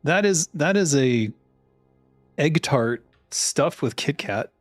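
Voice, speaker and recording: A man's voice: fairly high pitch, animated, slow, no room sound, faint music behind. A man in his thirties, a streamer chatting casually, rambling and swearing with many laughs while ordering food.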